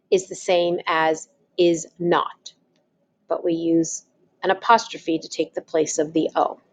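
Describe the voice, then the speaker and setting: A woman teaching, talking patiently and spelling things out step by step. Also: lowish voice. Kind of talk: slow, deliberate classroom explanation.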